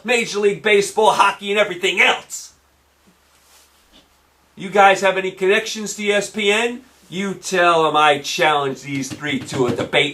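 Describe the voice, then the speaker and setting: Loud sports guy ranting on his own show, high sharp voice, kinda far from the mic, keeps repeating himself. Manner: brash, combative, repeats lines for emphasis. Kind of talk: ranting sports talk monologue.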